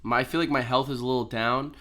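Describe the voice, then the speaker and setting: Bright-voiced young man, slightly nasal. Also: medium pitch, fairly even intonation, quick pace. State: a little nasal and tired. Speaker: podcast co-host. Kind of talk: casual chat.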